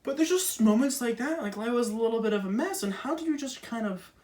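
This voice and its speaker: A man's voice: very high-pitched, quick pace, far from the mic, slight background noise. Chatty young man doing stand-up, a bit off-mic. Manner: chatty, animated, self-deprecating, many fillers. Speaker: stand-up comedian. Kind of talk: casual stand-up monologue.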